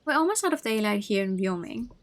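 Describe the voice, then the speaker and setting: A woman streamer reading a visual novel aloud, with expressive narration and playful asides. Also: mid-range voice, fast.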